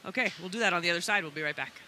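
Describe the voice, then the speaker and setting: A male sports show host with a high, very bright voice. He fires off questions at a fast clip and keeps the segment moving. Faint room ambience sits behind him. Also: slight background noise. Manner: brisk, upbeat questioning of guests. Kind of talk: sports talk show hosting.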